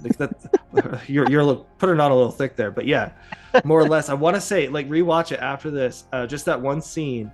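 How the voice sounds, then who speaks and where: A man's voice: mid-range voice, fairly quick, faint music behind. A man hosting a casual podcast, rambling with lots of fillers and chuckles. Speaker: podcast host. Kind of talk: casual chat.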